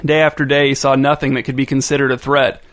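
A man's voice: medium pitch, level tone, quick pace, a bit bright. A man reading a story aloud as narrator in a dry, wry manner.

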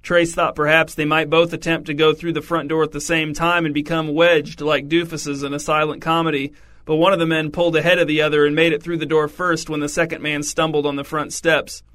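A man narrates a comic story in a wry, deadpan manner. His voice sits a bit high and bright. He keeps a flat, even contour throughout. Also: a little fast. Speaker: audiobook narrator.

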